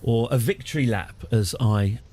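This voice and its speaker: A man's voice: mid-range voice, normal speed, darkish tone. A middle-aged man giving casual, wry, self-deprecating commentary as he hosts a live stream of a strategy game. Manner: chatty, wry, self-deprecating, with frequent fillers. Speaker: streamer, host of the channel.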